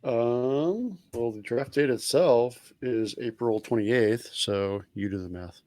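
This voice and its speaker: A man's voice: medium pitch, takes it slowly, darkish tone, no echo. A man co-hosting a casual sports fan chat, tossing in short teasing remarks. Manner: brief teasing interjections.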